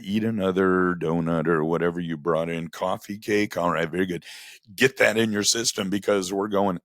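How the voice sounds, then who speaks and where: A man telling casual stories about running a radio station, acting out the dialogue with lively energy. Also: sits low, no echo, clean studio sound. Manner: animated, acts out quoted dialogue. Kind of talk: casual storytelling monologue.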